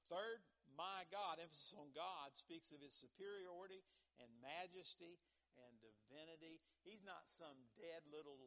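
Male preacher, slightly high voice, homespun and emphatic. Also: a bit bright. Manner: folksy, chuckling asides; emphatic, repeats key phrases. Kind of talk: sermon.

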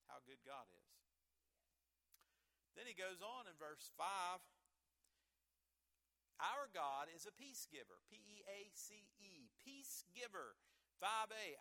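A middle-aged male pastor preaching a sermon in a folksy way, with self-deprecating asides, swinging between loud emphasis and hushed remarks. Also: high-pitched.

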